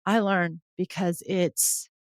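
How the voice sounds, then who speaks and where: A woman's voice: on the low side, steady tone, slow pace, no room sound. Earnest woman podcaster, dry close sound. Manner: earnest, reflective, acts out kids' and parents' inner voices. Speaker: parenting podcast host. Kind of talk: solo podcast talk.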